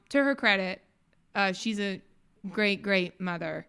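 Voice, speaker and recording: A woman's voice: medium pitch, fairly even intonation, moderate pace, pushed and bright, clear, resonant tone. A woman hosting a casual podcast interview, chatty, telling personal stories and asking follow-up questions. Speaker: podcast host.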